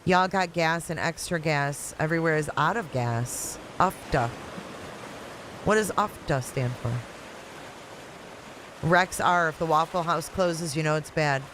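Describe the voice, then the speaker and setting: The host's voice is low-pitched and fairly bright, moving a little slowly, and the audio is poor with slight background noise. She's a woman with a Michigan accent, chatting on a casual livestream and answering viewer comments one after another while a hurricane hits her Florida home.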